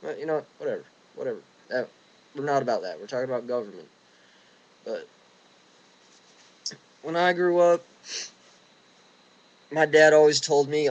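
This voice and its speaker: A man's voice: a little high, expressive, normal speed, pauses often, low-quality recording. A young man ranting casually and indignantly, rambling with restarts, recorded outdoors in the wind. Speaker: vlogger. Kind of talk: casual rant.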